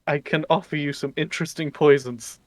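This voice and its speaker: A man's voice: a little high, fairly even intonation, fairly quick, no room sound, natural voice. A man voicing a small, timid male rat-folk adventurer who speaks hesitantly. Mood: bargaining.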